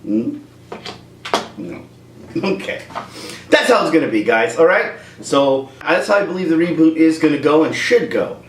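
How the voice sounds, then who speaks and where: A man rants through a movie review, joking as he goes. His voice sits a bit high and swings up and down with lots of energy. The sound is roomy and echoey, with the mic set a little away from him. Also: normal speed, long pauses, far from the mic, a little hiss or hum. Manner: animated, joking rant. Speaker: YouTube comedian and reviewer.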